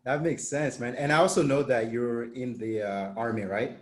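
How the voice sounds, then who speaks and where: A man's voice: medium pitch, fairly even intonation, normal speed, roomy sound. A man hosting a podcast interview, easygoing and friendly, asking follow-up questions. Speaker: podcast host. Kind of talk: casual interview.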